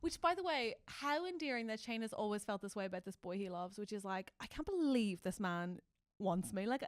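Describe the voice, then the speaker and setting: Animated woman podcast co-host, dry sound. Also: medium pitch, brisk, no echo. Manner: animated, swings between loud excitement and soft mock-tender quoting. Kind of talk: casual chat recapping a TV show.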